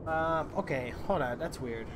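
A man streaming a game with a voice that sits a touch higher than most men's. He chats loosely and keeps calling out to his viewers between moves, over a clearly noisy recording. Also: unhurried. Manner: chatty, talks straight to viewers, hypes them up. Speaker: live streamer. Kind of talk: casual gameplay commentary.

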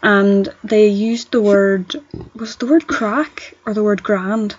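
Northern Irish woman podcast co-host, breathy mid-pitched voice, chatty and animated, muffled sound. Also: slow pace. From Northern Ireland. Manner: rambling, animated storyteller. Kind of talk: casual chat.

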